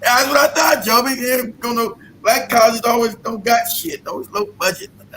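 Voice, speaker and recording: A man's voice: extremely high pitch, normal speed, pushed and bright, slight background noise, poor audio. A man hosting a podcast, talking in a casual, profane and mocking rant and laughing often. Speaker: podcast host.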